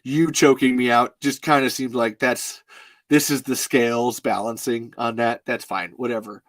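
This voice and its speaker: A man in his thirties hosts a live stream and tells a long story in a loose, rambling way, full of "like" and easy swearing. He breaks into laughter often. His voice sits at an ordinary middle pitch and sounds dry and close, with no room echo. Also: fairly even intonation, moderate pace. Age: 30s. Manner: rambling and laughing, heavy use of "like", swears freely. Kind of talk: casual storytelling to a live chat.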